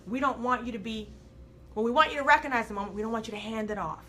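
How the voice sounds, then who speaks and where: Woman, live-stream host, inspirational preaching, animated, bright tone, slightly high voice. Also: fast talker, a little hiss or hum. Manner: animated, reads viewer comments aloud, preacherly swings from loud to soft. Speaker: host of a live faith and life coaching show.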